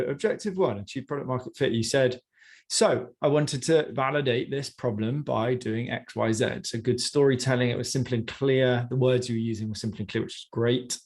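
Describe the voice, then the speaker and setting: A man's voice: mid-range voice, a little mellow. A man giving one-on-one coaching feedback on a presentation, talking in a conversational, encouraging way with many fillers.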